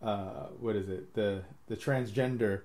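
A man's voice: fairly low pitch, steady tone, a little slow, a little mellow. A man hosting a podcast, rambling through his ideas in casual chat, laughing often and swearing freely. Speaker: podcast host.

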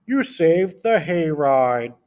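A man's voice: on the high side, very animated, takes it slowly, darkish tone. A man voicing a friendly male farmer who thanks a helpful dog. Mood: grateful.

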